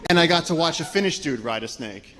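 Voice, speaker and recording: A man from Brooklyn, an expedition guide, telling a lively story to a live audience with slides. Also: on the high side, fast, a crowd in the background. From Brooklyn, New York. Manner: animated storyteller, voice rising as the story builds. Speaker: expedition guide giving a talk.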